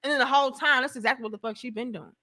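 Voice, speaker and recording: A woman's voice: high voice, racing, bright, forceful tone, no room sound, clean studio sound. A woman hosting a casual commentary vlog, blunt and profane, talking straight to her viewers. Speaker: host.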